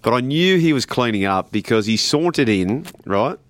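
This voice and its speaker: A man's voice: medium pitch, expressive, normal speed, no room sound. Teasing Australian co-host man. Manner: teasing, banter-driven. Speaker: sports show co-host. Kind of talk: casual chat.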